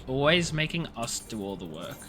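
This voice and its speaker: A man's voice: medium pitch, big pitch swings, moderate pace, bright, forceful tone. A tired, yawning man streaming a game, who talks in a casual, playful, self-mocking way and mutters to himself, with faint game music behind. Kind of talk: casual gaming stream chat.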